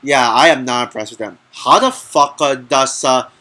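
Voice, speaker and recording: A man's voice: mid-range voice, normal speed, bright, forceful tone. A man giving a casual spoken film review, rambling with many restarts and fillers, and turning heated and ranting at times. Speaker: movie reviewer.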